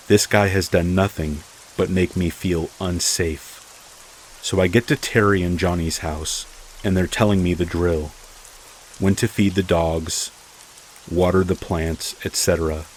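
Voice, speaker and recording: A man narrating a first-person true horror story in a steady, measured way. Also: low-pitched, slight background noise, rough recording. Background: rain.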